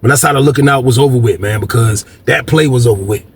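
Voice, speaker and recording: Talking fast in a husky, medium-pitched voice, a man hosting a storytelling video swears casually and voices the people he quotes. He's repetitive and keeps dropping the word "man."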